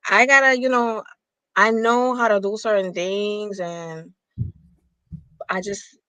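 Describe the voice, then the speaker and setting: A woman's voice: medium pitch, steady tone, slow, sharp tone, smooth. A woman with a mid-range voice chats playfully and easily slips into put-on accents. Her voice is recorded close and dry, with no room echo. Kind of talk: casual chat.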